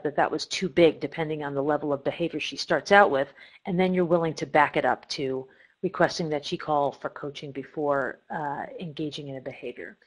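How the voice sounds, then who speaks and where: A middle-aged woman therapist from Cleveland, Ohio gives a recorded lecture on treatment techniques, walking through them step by step with frequent ums and self-corrections. Her voice sits low, and the recording quality is poor.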